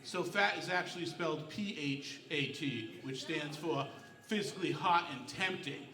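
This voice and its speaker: A middle-aged man doing a stand-up comedy set on a club stage, telling deadpan, self-mocking stories. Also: on the high side, normal speed, echoey room, distant mic, a crowd in the background. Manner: deadpan storytelling, self-mocking one-liners.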